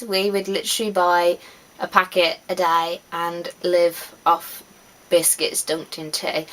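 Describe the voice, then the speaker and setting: Woman in her twenties, casual vlog chat, laughs easily, trails off softly. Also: mid-range voice, rough recording. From West Midlands, England. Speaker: vlogger.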